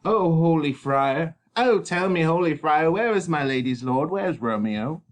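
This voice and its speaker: A man's voice: fairly high pitch, animated, unhurried, slight background noise, pitched above the performer's own voice. A man voicing a fussy old woman nurse in a reading of a stage play, with a wailing, pleading manner.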